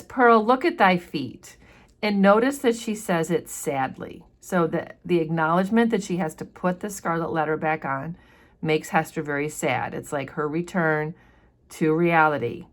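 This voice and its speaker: A woman teacher chatting through a novel chapter, explaining passages with casual fillers. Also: deep voice. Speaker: literature teacher. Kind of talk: casual book commentary with read passages.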